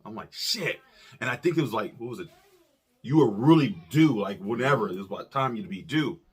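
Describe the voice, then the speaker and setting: A man with a husky, slightly breathy voice tells a story in casual chat. His pitch swings widely as he acts out quotes with cursing and excitement. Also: a little fast. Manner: animated, profane, acts out quotes. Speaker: podcast co-host.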